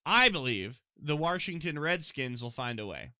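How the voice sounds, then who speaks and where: Excitable young man with a twang, solo sports podcast. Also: on the high side, normal speed, clear, resonant tone, dry recording, rough recording. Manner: excitable, talks straight to listeners, swears. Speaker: podcast host.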